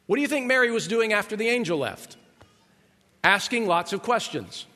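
This is a middle-aged man preaching in a conversational manner, with frequent rhetorical questions to his congregation. His high-pitched voice is animated, pushed and bright, at a moderate pace, and the recording has long hall reverb.

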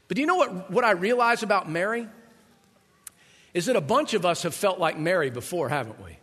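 Heard with long hall reverb, a middle-aged pastor preaches in a conversational tone and often asks his congregation rhetorical questions. His voice sits high and sounds fairly bright.

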